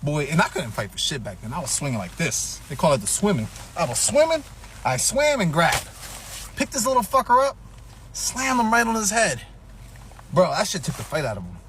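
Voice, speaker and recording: A man's voice: fairly high pitch, fairly quick, slight background noise. A man telling a profane, comedic personal story, acting out what people said. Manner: animated, profane, acts out quotes.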